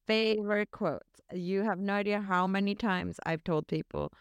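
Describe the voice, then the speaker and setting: Smooth-voiced candid woman hosting a podcast. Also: medium pitch, normal speed, no echo. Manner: candid, self-reflective. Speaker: podcast host. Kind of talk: casual podcast conversation.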